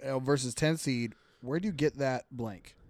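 A man's voice: medium pitch, normal speed, a little mellow, no echo. A man co-hosting a podcast, reading out bracket picks and swearing and laughing in casual banter. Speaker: podcast co-host.

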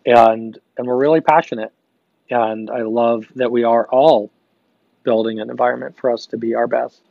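A young adult man hosting a live gratitude show, talking in an energetic, upbeat coaching manner, reading viewer comments and repeating phrases for emphasis. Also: medium pitch, moderate pace, creaky, dry recording. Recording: dry, slightly dull stream audio.

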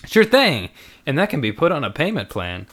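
A man's voice: fairly high pitch, huge pitch swings, normal speed, fairly bright tone, pitched above the performer's own voice. Tired shop clerk with a put-on service smile, read by a male narrator. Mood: polite. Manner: forced customer-service politeness. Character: weary male jewelry store clerk.

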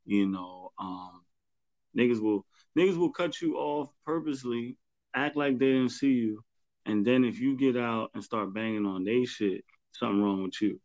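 A man's voice: mid-range voice, normal speed, a little mellow, dry recording. A man hosting a podcast in casual chat, laid-back and slangy, laughing often. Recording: dull, dry sound.

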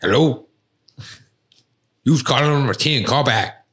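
A man hosting a casual podcast, quickly counting off callers and telling them to call back. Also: mid-range voice, fairly bright tone. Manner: brisk, dismissive "call back" patter. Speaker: podcast host taking calls.

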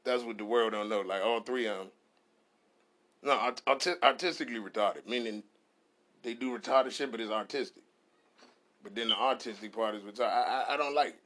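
A man's voice: medium pitch, brisk, pauses often, a bit bright. A middle-aged man hosting a podcast, telling comic stories in a profane, rambling way. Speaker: podcast host. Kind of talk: comedic storytelling on a podcast.

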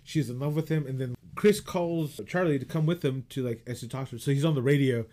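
A man in an easygoing podcast chat, walking through a film scene by scene. He slips into the characters' lines as he goes and fills the gaps with "like". His voice sits at an ordinary middle pitch. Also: fairly quick. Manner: animated retelling, acts out quoted lines; loose, heavy on "like" fillers. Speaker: podcast co-host. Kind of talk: casual chat.

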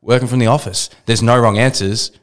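A man's voice: mid-range voice, fairly even intonation, brisk. A man co-hosting a casual podcast in a studio, blunt and swearing casually. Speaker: podcast co-host. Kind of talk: casual chat. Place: small studio.

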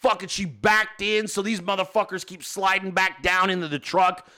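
A man hosting a podcast who tells a story as an animated, exasperated rant full of cursing. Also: high voice, normal speed. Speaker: podcast host.

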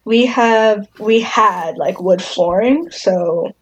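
A woman's voice: mid-range voice, slow, lo-fi sound, slight background noise. A young woman casually chatting and telling a story to friends in a laid-back, giggly way. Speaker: friend in group chat.

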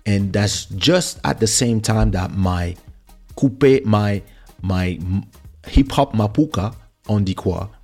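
A podcast host from France, his voice fairly low, a little mellow and slightly rough, casually reminisces about his time in music. He keeps repeating and restarting words while he remembers.

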